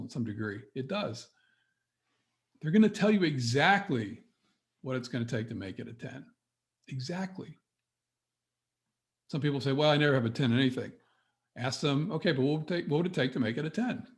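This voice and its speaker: A middle-aged man coaching business owners on a webinar, talking straight to his audience in an energetic, motivational way. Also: mid-range voice. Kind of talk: webinar presentation.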